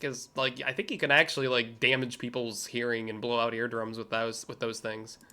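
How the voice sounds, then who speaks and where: An American man hosts a livestream, reacting to videos with sarcastic, rambling commentary and profane asides. His mid-range voice stays fairly flat in pitch, with a moderate pace, a sharp tone, and slight background noise.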